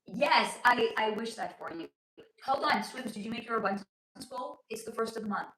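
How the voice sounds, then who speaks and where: Hoarse woman hosting a chatty livestream. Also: fairly high pitch, normal speed, a bit bright. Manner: chatty, calls viewers honey and sweetie, swears freely. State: hoarse, losing her voice. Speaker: livestream host. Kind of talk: casual livestream chat reading viewer comments. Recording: roomy echo.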